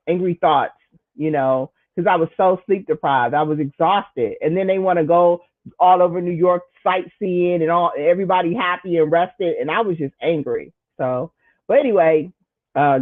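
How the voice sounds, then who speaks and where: A man hosting his own show, telling a casual story in an animated way, jumping into high, exaggerated voices when he quotes himself. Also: no echo. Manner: lots of "like" and "you know", frequent restarts. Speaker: show host. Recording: thin phone-like sound, dry.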